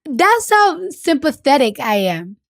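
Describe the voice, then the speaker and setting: A woman's voice: sits high, very animated, slow pace, gravelly, no room sound, studio quality. Blunt, foul-mouthed New woman. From the Bronx, New York. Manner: blunt, frank, swears freely, many fillers. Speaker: interview guest. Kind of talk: candid conversational interview.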